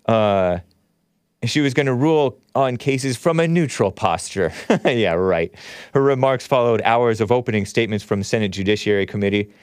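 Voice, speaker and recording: A man's voice: medium pitch, normal speed, clear, resonant tone, no echo, studio quality. Sarcastic male talk show host. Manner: sarcastic, mocking, reads headlines and scoffs. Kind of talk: call-in political talk show commentary. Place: studio.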